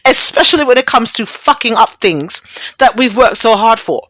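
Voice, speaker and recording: A woman's voice: fairly high pitch, lively intonation, moderate pace, fairly bright tone, dry recording. Blunt, profane middle-aged woman host. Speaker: radio show host. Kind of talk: casual, profane talk radio monologue.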